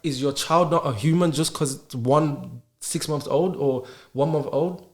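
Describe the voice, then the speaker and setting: A man's voice: on the high side, measured pace, darkish tone. A man, a podcast guest in casual chat, earnest and asking himself rhetorical questions. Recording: roomy echo.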